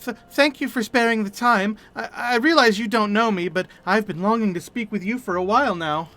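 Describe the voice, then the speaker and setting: A man's voice: high-pitched, a little fast, pushed and bright, voice pushed up. A man voicing a shy, grieving young female adventurer in a video game, speaking hesitantly and earnestly.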